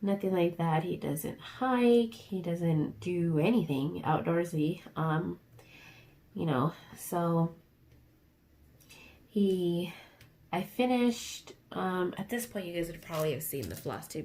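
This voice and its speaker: Young woman crafter venting in a casual vlog; dark, mellow voice with plenty of fry. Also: fairly low pitch, a little slow, slight background noise. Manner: rambling and ranty, many fillers. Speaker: craft vlogger. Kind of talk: casual chat while diamond painting.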